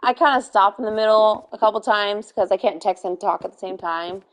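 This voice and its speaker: A woman's voice: mid-range voice, a little fast, slight background noise. A young woman chatting casually while playing a game, telling stories with lots of fillers and giggles. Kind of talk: casual chat while gaming.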